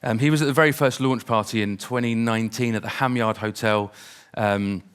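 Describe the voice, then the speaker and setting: A man's voice: medium pitch, steady tone, brisk, smooth. A man hosting a conference, introducing the next speaker on stage in an upbeat, chatty way. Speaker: conference host.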